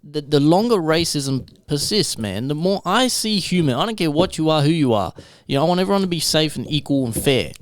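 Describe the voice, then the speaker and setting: A man's voice: a little high, expressive, brisk, hardly any pauses, no echo. A man co-hosting a casual podcast chat, ranting and swearing heavily.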